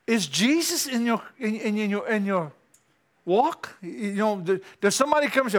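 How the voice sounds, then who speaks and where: High-voiced excitable male preacher. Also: normal speed. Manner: animated, rising to excited peaks with chuckles. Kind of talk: sermon. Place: church.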